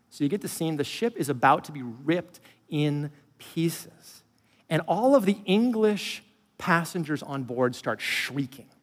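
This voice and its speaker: A man preaching a sermon, emphatic, swinging from loud declarations to hushed storytelling. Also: a little high, long reverb tail. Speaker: pastor.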